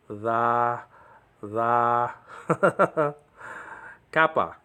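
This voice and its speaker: A man teaches an informal language lesson, often saying "okay" to check comprehension and repeating words to correct pronunciation. His medium-pitched voice is slightly bright with a clean tone.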